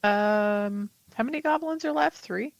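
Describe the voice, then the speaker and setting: A woman's voice: medium pitch, unhurried, gravelly, dry recording. A woman taking part as a player in a tabletop game, tossing in joking asides. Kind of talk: casual tabletop game play.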